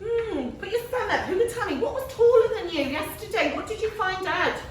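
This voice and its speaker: A woman teaching a class of young children, lively and full of encouraging praise. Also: very high-pitched, a little fast. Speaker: primary school teacher. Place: large classroom. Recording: echoey classroom from far off, noisy.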